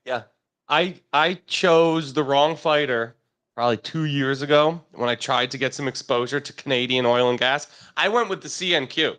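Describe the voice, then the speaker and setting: A man co-hosting a casual market chat, explaining stock charts in a relaxed way. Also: medium pitch, normal speed, clean tone. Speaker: market show co-host.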